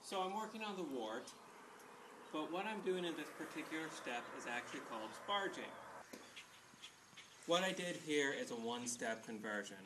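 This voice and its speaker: A man's voice: on the high side, lively intonation, normal speed, long pauses, background noise. A young man casually demonstrating home brewing in his kitchen, chatty and rambling, with self-deprecating jokes.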